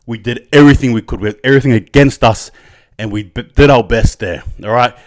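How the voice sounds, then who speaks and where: A man ranting as a fan-channel host, mid-pitched and impassioned. His review swings between fired-up anger and softer pride, with a fast, emotional delivery.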